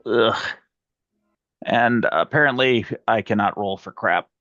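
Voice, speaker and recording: A man's voice: lowish voice, slow, a bit bright, no room sound. A man playing a tabletop game, making wry, laid-back remarks over a dull lo-fi mic. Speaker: player.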